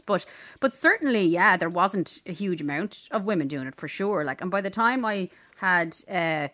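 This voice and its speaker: A woman comedian chats about her comedy influences in a mid-pitched voice, enthusiastic and rambling. She peppers her talk with "like" and laughs easily. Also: normal speed, a bit bright. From Ireland. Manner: chatty, enthusiastic, frequent "like". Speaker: comedian guest. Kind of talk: casual chat.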